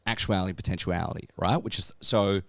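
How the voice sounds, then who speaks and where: Low-voiced man explaining casually. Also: fairly even intonation, a little fast, vocal fry, no room sound. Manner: explanatory, filler-heavy, says "like" and "right?" often. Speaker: podcast co-host explaining catechism. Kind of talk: casual discussion.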